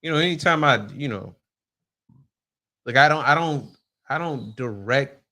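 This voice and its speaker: A man co-hosting a podcast in casual chat, laid-back and halting, with plain speech. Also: medium pitch, expressive, sharp tone. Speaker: podcast co-host.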